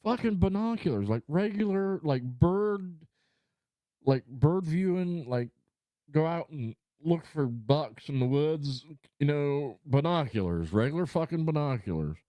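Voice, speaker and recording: A middle-aged man livestreaming from a home room rambles and rants to viewers, worked up and heavy on profanity. His slightly high voice is warm, with lively intonation and an unhurried pace, and the recording is dry.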